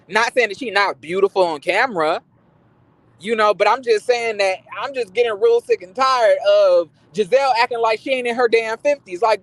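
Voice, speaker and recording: A man's voice: extremely high pitch, fairly bright tone, no room sound. A man giving casual, sassy gossip commentary on reality TV, profane and rambling, with many restarts.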